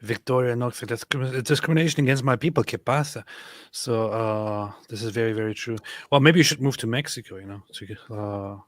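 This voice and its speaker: Man, livestream co-host, reads viewer messages, halting with fillers, mid pitch, dry close sound. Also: no room sound. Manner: halting, many fillers and restarts, chuckling. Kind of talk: casual chat.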